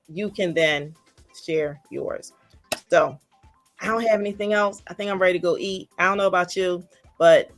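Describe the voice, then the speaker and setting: A woman hosting a casual livestream, upbeat and animated, repeating phrases for emphasis. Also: fairly low pitch, no echo. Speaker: livestream host.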